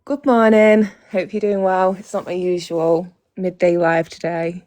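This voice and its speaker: Casual female stream host, lowish voice, dry sound, blunt and profane. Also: flat delivery, measured pace, mellow, dry recording. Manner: blunt, profane, talks straight to her viewers. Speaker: livestream host. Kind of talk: casual livestream chat.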